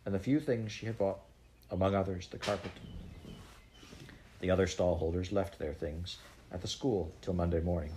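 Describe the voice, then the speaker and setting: A man reads a children's storybook aloud. His voice is low and steady, and his reading is measured. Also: slight background noise. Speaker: audiobook reader. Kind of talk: storybook narration.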